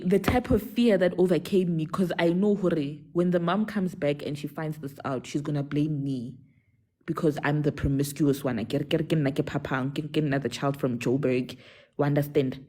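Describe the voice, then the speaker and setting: A young South African woman telling a personal story on a live call, animated, code-switching between English and a local language. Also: low-pitched, normal speed. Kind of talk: casual storytelling on a live stream.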